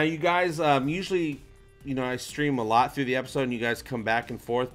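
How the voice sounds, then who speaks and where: A man hosting a casual fan livestream, reading viewer comments aloud and joking in an animated, playful way. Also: a little high. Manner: animated, jokey, shout-outs to viewers. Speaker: livestream host.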